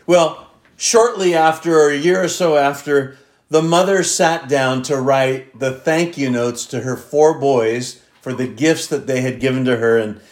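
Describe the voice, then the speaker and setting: A man's voice: medium pitch, a little slow. A man preaching a sermon, reading scripture emphatically and stretching key words. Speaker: pastor. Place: church sanctuary. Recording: roomy church echo.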